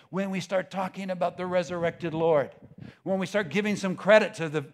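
A man preaching a sermon with passion, dropping to a hush and rising to a shout, with frequent stammers and restarts. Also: high voice. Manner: impassioned, swings from hushed to shouting.

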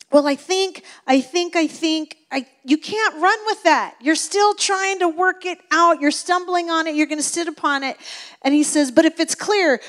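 Emphatic high-voiced woman preaching. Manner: earnest, emphatic preaching with repeated phrases. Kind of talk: sermon.

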